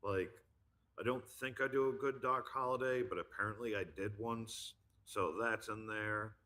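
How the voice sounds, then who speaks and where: Rambling man with a low, bright voice. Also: fairly even intonation, moderate pace. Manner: rambling, lots of fillers. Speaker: guest, streamer and voice impressionist. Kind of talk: casual chat.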